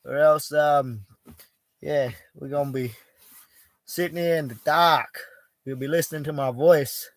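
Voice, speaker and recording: A man's voice: a little high, fairly even intonation, a little slow, long pauses, no room sound. A middle-aged Australian man hosting a casual live chat from an outback bush camp, talking in a blunt, laid-back way and swearing freely. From Western Australia. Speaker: livestream host.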